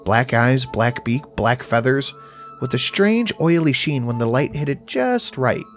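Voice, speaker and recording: A man's voice: mid-range voice, very animated, a little slow, faint music behind. A man narrating a first-person horror story in a dry, wry storytelling manner.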